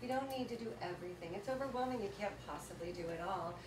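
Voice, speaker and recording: A woman presents a motivational workshop to a seated live audience in an event room, telling stories in a lively, chatty way and laughing often. She talks fast at a medium pitch. The recording is echoey with background noise, and her voice sounds far off.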